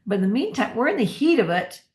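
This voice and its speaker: A middle-aged woman giving a motivational workshop talk as a parenting coach, energetic and slowing down to stress key phrases. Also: on the high side.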